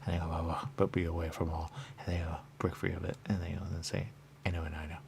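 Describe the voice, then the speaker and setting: A very deep-voiced man with a gravelly, fry-filled voice rambles through a radio monologue. He repeats phrases over and over and jumps to sudden loud bursts. A faint hiss sits under his voice. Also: little pitch movement, racing. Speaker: radio host. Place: radio studio.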